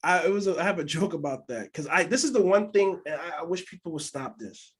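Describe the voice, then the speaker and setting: This is a man co-hosting a casual podcast, speaking. His voice sits high for a man, and he tells candid stories, often acting out what others said. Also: animated, fast talker, husky. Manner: candid storytelling, acts out quotes in other voices. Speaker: podcast co-host.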